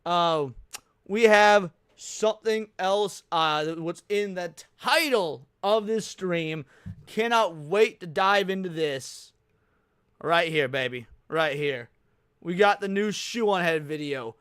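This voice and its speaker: A man's voice: high voice, slow pace, fairly bright tone, smooth, no room sound, clean studio sound. A man hosting a live reaction stream, ranting heatedly with lots of swearing. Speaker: livestream host.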